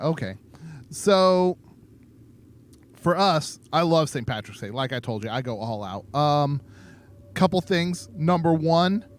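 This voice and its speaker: A man in his thirties co-hosting a podcast, rambling boisterously in a casual chat and laughing often. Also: on the high side. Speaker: podcast co-host.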